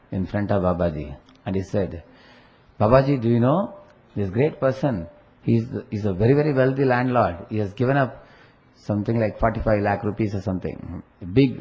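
A man, a spiritual teacher, giving a devotional sermon in a measured way, often pausing on "uh", "hmm" and "huh?". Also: lowish voice, a little mellow. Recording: muffled with faint hiss.

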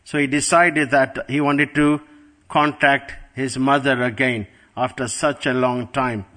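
A man's voice: medium pitch, fairly even intonation, a little slow, fairly bright tone. A middle-aged man giving a devotional class, telling a story in an earnest way and repeating words for emphasis. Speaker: spiritual teacher.

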